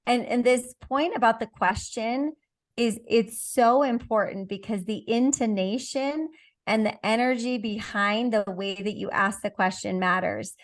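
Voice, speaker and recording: A woman guest on a podcast, a business coach talking with an energetic, emphatic coaching tone. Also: fairly high pitch, measured pace. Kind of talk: motivational conversation.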